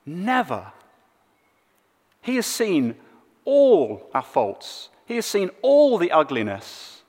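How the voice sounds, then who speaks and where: A man preaching a sermon, swinging between loud emphatic lines and hushed low ones. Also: huge pitch swings, slow pace, in a large hall. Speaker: pastor.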